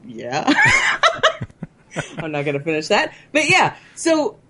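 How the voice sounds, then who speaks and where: A woman's voice: high voice, wildly swooping pitch, slow pace, sharp tone, a little hiss or hum. A woman co-hosting a podcast, telling rambling game stories in casual chat, chatty and giggly. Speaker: podcast co-host.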